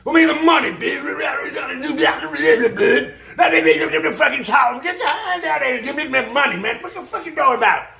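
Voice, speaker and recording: A loudmouth male pimp, put on by a man, barks orders and insults in a high, strained shout that climbs far above the speaker's own pitch. The voice is bullying and nonstop, and it rings in a roomy, echoing space. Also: animated, fairly quick, gravelly, few pauses, full character voice. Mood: yelling, abusive. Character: loudmouth male pimp yelling at his women. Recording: roomy echo.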